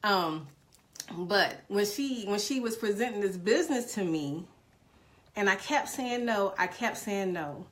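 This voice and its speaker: A woman's voice: mid-range voice, animated, unhurried. A middle-aged woman in a casual live stream, telling viewers about her hard times, emotional and calling them "y'all". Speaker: direct-sales business mentor.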